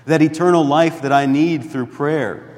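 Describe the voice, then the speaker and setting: A man preaching a sermon as a priest in a church, deliberate and emphatic, dropping to a hush at times. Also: fairly high pitch, long reverb tail. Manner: slow, deliberate preaching with emphatic rises and hushed drops.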